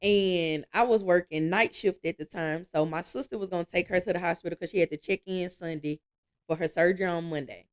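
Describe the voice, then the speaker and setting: A woman, telling stories with lively energy and easy laughs as a guest in a casual interview. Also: fairly low pitch, a little fast, clear, resonant tone. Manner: lively storytelling, laughs easily.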